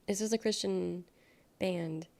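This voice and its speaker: Gravelly-voiced woman streamer chatting casually. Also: on the low side, takes it slowly, darkish tone. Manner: chatty, reads chat aloud and reacts, blunt and swears freely. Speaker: livestreamer. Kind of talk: casual live-stream chat.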